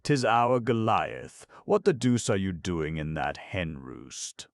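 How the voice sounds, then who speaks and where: A man's voice: rumbling low, very animated, unhurried, a little mellow, no room sound, clean studio sound, heavily acted. A man reading an audiobook, voicing a jaunty, cocky young student who exclaims cheerfully.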